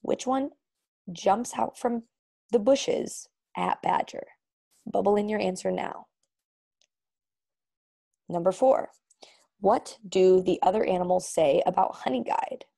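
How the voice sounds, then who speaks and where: A woman teacher reads a storybook aloud to her students and then goes through quiz questions with them. She voices the sound words with expression. Her voice is gravelly and husky, at a middle pitch. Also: slow pace, long pauses, mellow.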